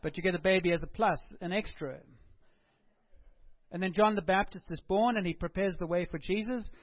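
Guy preaching, kinda high voice, animated and chatty, dull lo-fi recording. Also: moderate pace. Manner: animated, conversational preaching with acted quotes. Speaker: pastor. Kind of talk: sermon.

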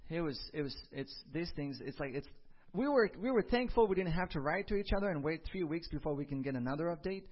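Young male pastor, animated storyteller, slightly high voice, muffled lo-fi recording. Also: fast. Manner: animated storyteller acting out dialogue. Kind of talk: sermon with personal story.

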